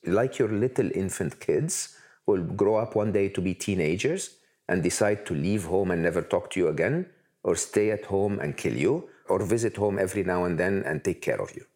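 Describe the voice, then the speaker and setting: A man's voice: deep voice, animated, normal speed, darkish tone. A man answering interview questions at length, emphatic and building points through repeated lists. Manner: emphatic, repetitive lists for effect. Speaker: interview guest.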